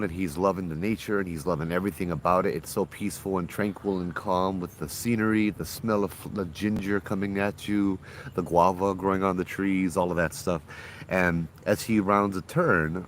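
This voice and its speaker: A man with a low voice tells a ghost story in a casual, chatty way. He sounds relaxed and slips into the voices of the people in the story. He is recorded outdoors with faint noise in the background.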